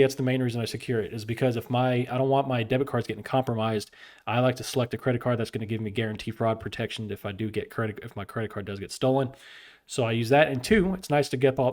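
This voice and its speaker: A man hosting a casual screen-share tutorial, explaining a spreadsheet in a loose, chatty way with slang and fillers. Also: mid-range voice. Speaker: tutorial host.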